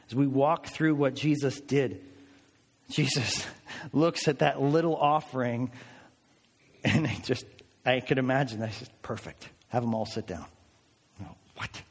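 A man preaching a sermon as a pastor, in an animated, conversational way, acting out people's voices as he tells the story. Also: mid-range voice, long reverb tail. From United States.

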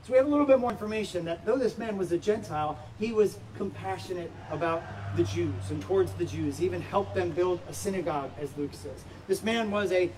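A man delivers a sermon in a fairly high voice, leaning into points with emphatic rhetorical questions. He sounds a little distant from the microphone, with a faint hum of noise in the background. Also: fairly quick, few pauses, darkish tone. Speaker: pastor. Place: church sanctuary.

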